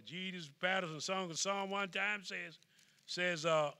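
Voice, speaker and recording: An older man, an elder, preaching a Bible study, reading scripture slowly and stressing each phrase. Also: high-pitched, fairly even intonation, vocal fry, pushed and bright, smooth. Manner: call-and-response preaching, reads scripture slowly and emphatically.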